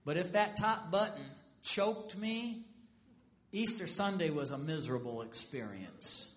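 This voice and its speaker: Guy pastor w/ a high voice, preaching, funny storyteller vibe. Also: measured pace. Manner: animated storytelling with humor. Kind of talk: sermon.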